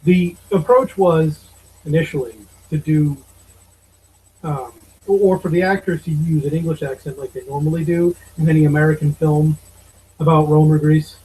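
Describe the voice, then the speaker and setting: A man's voice: fairly high pitch, steady tone, moderate pace, warm tone, breathy edge, low-quality recording. A man in his thirties co-hosting a podcast, giving opinionated, exasperated movie commentary. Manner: opinionated, exasperated, swears casually. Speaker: podcast co-host. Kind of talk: casual movie review chat.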